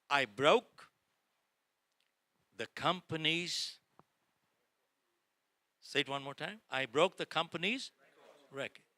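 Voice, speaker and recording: Bright, lively middle-aged male keynote speaker. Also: a little high. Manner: dramatic, addresses audience as folks, acts out dialogue. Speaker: motivational speaker. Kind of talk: motivational keynote storytelling. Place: lecture hall before a live audience.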